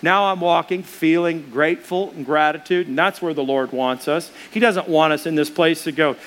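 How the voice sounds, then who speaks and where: A man's voice: a little high, normal speed, fairly bright tone. A male pastor preaching a sermon, earnest and emphatic, speaking straight to his listeners and driving points home by repetition.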